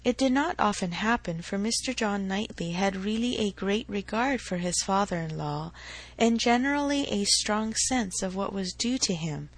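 A woman narrating a classic novel in a measured, even reading voice. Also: mid-range voice, poor audio. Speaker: audiobook narrator.

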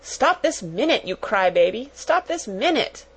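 A woman's voice: mid-range voice, expressive, moderate pace, slightly rough, rough recording. A woman reading aloud, voicing a spiteful, bossy schoolgirl who speaks with a sneer. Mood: commanding. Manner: sneering, scornful.

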